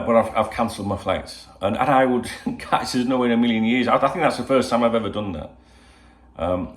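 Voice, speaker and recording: An older man from England chats to his viewers at home, wandering through his thoughts with constant "you know" asides. His voice sits fairly low. The room around him sounds echoey. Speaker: football channel host. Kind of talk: casual solo video chat. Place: at home indoors. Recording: roomy home echo.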